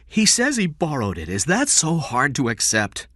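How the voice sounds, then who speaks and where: A man's voice: fairly high pitch, huge pitch swings, normal speed, bright, forceful tone, no room sound, clean studio sound, pitched above the performer's own voice, heavily acted. A man reading aloud and voicing a frightened young woman who pleads in a raised voice. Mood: pleading.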